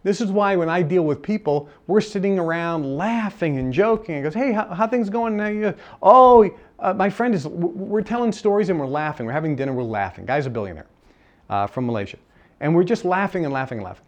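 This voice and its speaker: A man's voice: a little high, expressive, fast, a little mellow. A man giving a live seminar lecture, emphatic and repeating his key phrases, sometimes acting out bits of dialogue. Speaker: seminar speaker.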